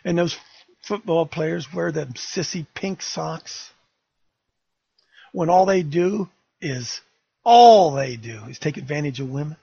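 A man's voice: on the high side, animated, slow pace, vocal fry, pauses often, dark tone, husky, no echo, muffled recording. An older man hosting a talk radio show, fiery, emphatic and rambling.

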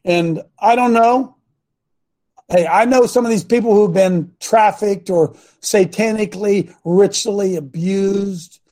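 High-voiced blunt preaching man. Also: unhurried, dark tone. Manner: blunt, combative, mocking, with asides to the congregation. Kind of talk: fiery informal preaching.

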